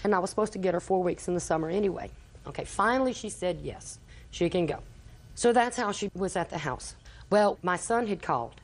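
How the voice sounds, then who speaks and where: An older woman, a litigant in small claims court, gives testimony by telling a long story and acting out the quoted dialogue. Her voice is lowish, expressive, and brisk.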